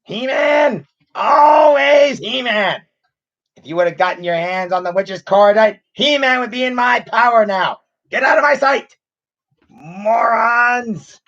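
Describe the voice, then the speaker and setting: Man putting on Skeletor, shrill sneering villain. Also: lively intonation, slow pace, fairly bright tone, highs cut off, heavily acted. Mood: furious. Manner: barking, theatrical threats. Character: sneering evil skeletal male sorcerer villain.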